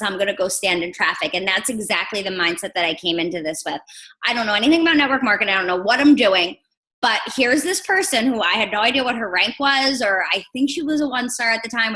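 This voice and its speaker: A young woman from New Jersey tells her story on a team call, animated and chatty. Her voice is bright and forward. She sits at a middle pitch for a woman. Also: poor audio. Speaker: guest on a team training call. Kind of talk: casual storytelling.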